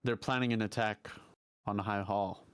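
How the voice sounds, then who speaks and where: A man playing a tabletop game with a fairly low voice. He talks hesitantly, starting over often and laughing between lines. The sound is dry and close. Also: steady tone, moderate pace, clean tone, no room sound. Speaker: player. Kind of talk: casual tabletop game chat.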